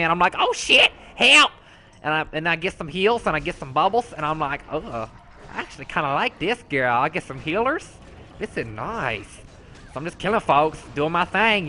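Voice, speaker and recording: A man's voice: on the high side, pushed and bright. A man voicing a sassy, foul-mouthed rogue character, telling a brash, slangy, profane story as comedic commentary.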